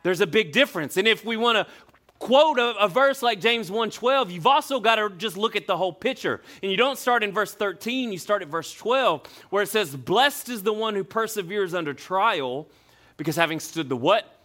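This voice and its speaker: A man preaching a sermon with a bright, high voice. He is animated, and he slows down and drops low when he reads scripture aloud. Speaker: pastor.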